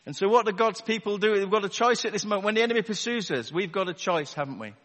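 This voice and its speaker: Male preacher, slightly high voice, chatty and wry with rhetorical asides, live in a big echoing church hall. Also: animated, quick pace, a bit bright. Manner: conversational and wry, asks the congregation rhetorical questions. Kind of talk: sermon. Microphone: wireless battery microphone. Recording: long reverb of a large hall.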